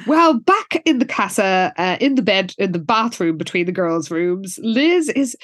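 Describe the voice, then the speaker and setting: A woman's voice: mid-range voice, very animated, a little slow, fairly bright tone, no echo, studio quality. A woman co-hosting a podcast, retelling a show episode in casual chat with lots of laughter and quoted lines. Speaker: podcast co-host.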